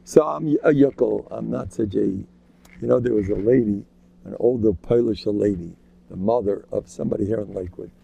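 A man giving an informal, joking religious talk, animated and acting out quotes in sudden high voices. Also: fairly quick, gravelly, slightly rough, highs cut off. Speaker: religious lecturer. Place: local community gathering.

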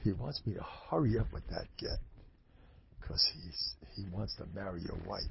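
Scheming older male rabbi, told by a male preacher, smooth-talking, slightly higher voice, lo-fi. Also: animated, brisk, a little hiss or hum. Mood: sly. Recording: dull lo-fi dry recording.

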